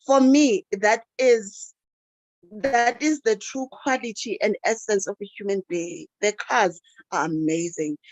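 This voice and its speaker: A woman's voice: mid-range voice, no room sound, lo-fi sound. A woman, a teacher and life coach, giving an emotional motivational talk on a video call. She repeats herself often and keeps calling her listeners guys.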